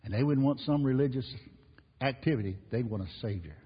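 A man's voice: mid-range voice, animated, fairly quick, husky. A man preaching a sermon as pastor, emphatic and repetitive, rising and falling in force. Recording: muffled, reverberant hall recording.

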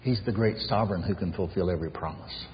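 A male pastor preaching a sermon with emphatic repetition, swinging from loud declarations to hushed lines. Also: low voice, fast talker, big-room sound, muffled recording, slight background noise. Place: church sanctuary.

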